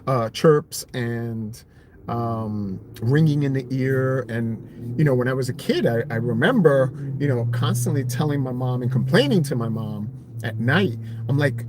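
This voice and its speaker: A man's voice: mid-range voice, lively intonation, a little slow, a little mellow, slight background noise. A man in his thirties talking casually on a live stream about his own story, rambling with lots of fillers and restarts. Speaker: vlogger sharing his hearing story.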